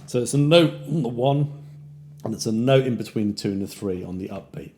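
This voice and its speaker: A man's voice: medium pitch, animated, brisk, a little mellow, slight background noise. A man with a British accent teaching a casual jazz guitar lesson, counting beats and scatting rhythms. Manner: counts beats aloud and scats rhythms while demonstrating. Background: guitar playing between phrases.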